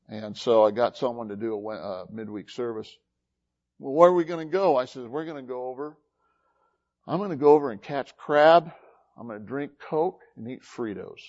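A man preaching a folksy sermon as pastor, with sudden rises and drops in loudness. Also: medium pitch, moderate pace, lo-fi sound. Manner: folksy, animated preaching with big swings in loudness.

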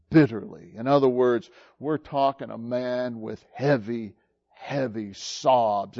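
A man preaching a sermon, retelling a story slowly and haltingly with many pauses and fillers. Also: fairly high pitch, a little mellow, dull audio.

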